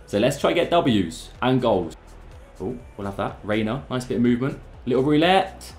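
A young man talks through his football video game match in a fast, excitable, chatty stream of commentary, constantly calling out to his viewers. His voice sits at an ordinary middle pitch. The sound carries a noticeable echo from the room. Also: faint music behind. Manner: excitable, chatty, keeps addressing the lads. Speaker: gaming YouTuber. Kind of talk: live gameplay commentary.

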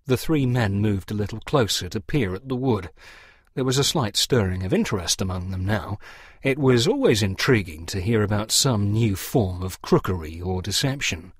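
Male story narrator, animated delivery, dry studio sound. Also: on the low side, moderate pace, breathy edge, dry recording. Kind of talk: scripted audiobook narration.

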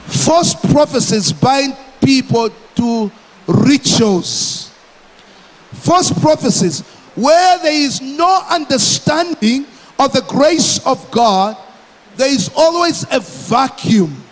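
Male pastor from Malawi, very high voice, slow emphatic sermon delivery, big church reverb. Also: lively intonation. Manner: emphatic, repeats phrases, slow deliberate preaching.

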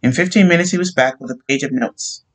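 A man reading a short story aloud, with a steady, plain storytelling delivery. His voice sits in a middle pitch, neither deep nor high. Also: fast, poor audio. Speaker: narrator.

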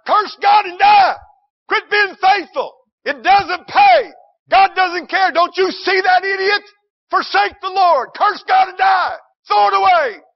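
A man voicing the scornful, tempting voice of the world, shouting high and mocking. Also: measured pace, vocal fry, heavily acted. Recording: dull lo-fi recording.

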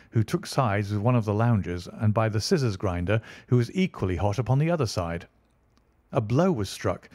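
Low-voiced male audiobook narrator. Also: dry recording. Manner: steady, measured storytelling.

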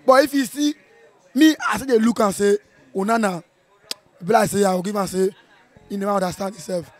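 A Nigerian football fan, his voice strained from shouting and sitting high, reacts to a match in an animated, playful, brisk way, slipping into Pidgin. He's recorded at an outdoor viewing center.

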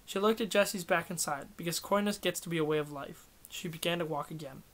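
An audiobook reader works through a novel at a steady, unhurried pace, occasionally correcting himself. His voice is slightly higher than that of most men.

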